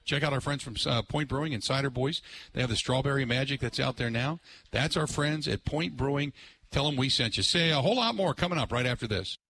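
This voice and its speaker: Bright-voiced sports radio host. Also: male voice, medium pitch, fairly quick. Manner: rambling, filler-heavy, excitable. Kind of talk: live sports radio talk. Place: live remote broadcast at an ice center.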